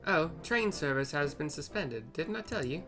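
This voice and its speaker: A man voicing a calm, well-spoken woman companion in a game story, in a raised voice. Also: low-pitched, moderate pace, over music, pitched above the performer's own voice. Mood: informative.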